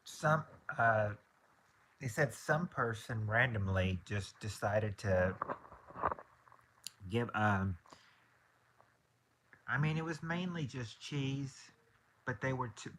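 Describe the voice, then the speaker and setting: A man's voice: medium pitch, expressive, slow, long pauses, background noise. A young man, casually chatting on his livestream and often repeating himself as he talks. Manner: easygoing, repeats and restarts phrases. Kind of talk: casual chat.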